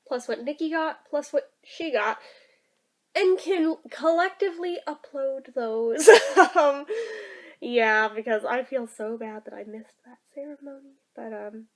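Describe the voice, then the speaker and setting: A woman's voice: high voice, unhurried. A woman vlogger in casual, chatty talk, emotional and sprinkled with "like" and "um". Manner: chatty and emotional, many fillers like "like" and "um". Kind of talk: casual vlog chat.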